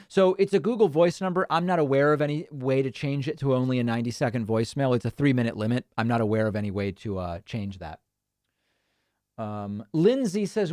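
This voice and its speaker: A man hosting a live political talk stream in a relaxed, offhand way. He reads viewer messages and news pieces aloud, then muses about them with wry little asides. His voice is close and dry, with no room sound around it. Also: mid-range voice, a little fast, no echo. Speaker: political talk show host. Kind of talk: casual live-stream commentary, reading chat and articles aloud.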